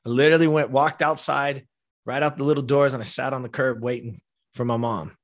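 A man's voice: medium pitch, steady tone, brisk. A man in his fifties from the United States tells a heartfelt personal story as a podcast guest. He talks casually, leans on "like" and "you know", and swears now and then. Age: 50s.

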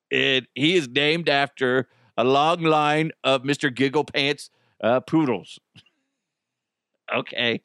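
A man's voice: medium pitch, slow, long pauses, smooth, no room sound, studio quality. Exasperated profane podcast host man. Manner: exasperated, profane, animated storytelling. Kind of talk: casual solo podcast rant.

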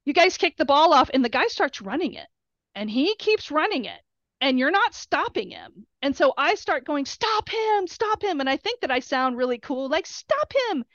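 A middle-aged woman, a player's mother, telling animated stories in an interview and acting out quotes in a shrill high voice. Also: normal speed, no room sound. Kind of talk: storytelling interview. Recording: dull lo-fi recording.

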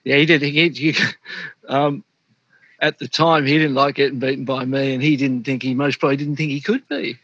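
Middle-aged Aussie man, husky voice, dry and a bit dull sound, easy laughing storyteller. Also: mid-range voice, fairly even intonation, moderate pace, a bit bright, dry recording. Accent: Australian. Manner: laughs often, says "mate" a lot. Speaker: interview guest, former pro surfer. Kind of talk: casual storytelling.

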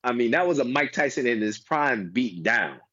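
A man from the United States chatting casually as a podcast guest, rambling with lots of restarts and animated asides. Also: mid-range voice, normal speed, breathy edge, no room sound. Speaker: guest DJ and tennis fan. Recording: dull lo-fi dry sound.

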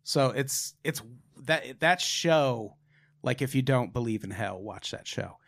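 A man hosting a casual podcast chat, retelling stories with animated asides. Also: medium pitch, measured pace, creaky, a little hiss or hum. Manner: animated retelling with acted quotes. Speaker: podcast host.

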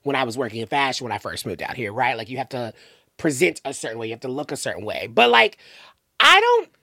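A man from the southern United States chats as a podcast guest, his pitch swooping up and down as he talks. He speaks animatedly and loosely, stacking "like"s and restarting thoughts. The mic is close and dry, with no room sound. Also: fast talker, vocal fry, dry recording. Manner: animated, filler-heavy, lots of "like" and restarts. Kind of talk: casual chat.

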